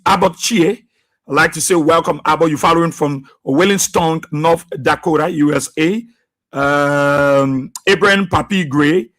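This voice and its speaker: A man hosting a live radio show, reading out listeners' names and places in an unhurried way with many pauses. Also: on the high side, a bit bright. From Liberia. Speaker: radio host.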